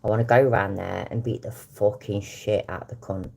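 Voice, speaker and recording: A woman's voice: extremely low pitch, steady tone, normal speed, gravelly, darkish tone. An older British woman who hosts a live stream, chatting bluntly and swearing heavily as she reacts to videos. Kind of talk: casual live-stream chat.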